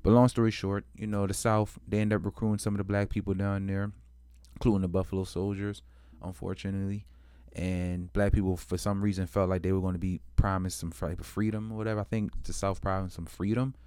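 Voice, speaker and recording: A man's voice: low voice, flat delivery, brisk, warm tone, clear, resonant tone, no room sound. A man explaining history in a casual, slangy way, swearing freely and stumbling over restarts, and acting out both sides of the story in quoted voices. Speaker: history commentator.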